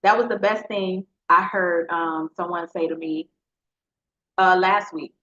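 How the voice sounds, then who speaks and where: A woman's voice: on the low side, steady tone, measured pace, pushed and bright. A woman hosting a motivational podcast, talking earnestly and directly to her listeners like a preacher. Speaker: podcast host. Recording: slightly dull lo-fi sound.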